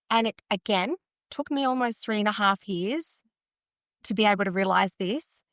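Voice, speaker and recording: Earnest Australian woman, fairly high voice. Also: pushed and bright, clear, resonant tone, dry recording, clean studio sound. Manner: earnest, tumbling, self-correcting speech. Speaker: podcast guest. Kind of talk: candid conversational interview.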